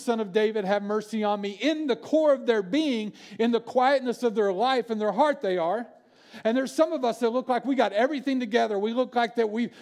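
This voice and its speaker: Pastor, male, high-pitched, earnest sermon delivery with dramatic pauses. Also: darkish tone. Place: church.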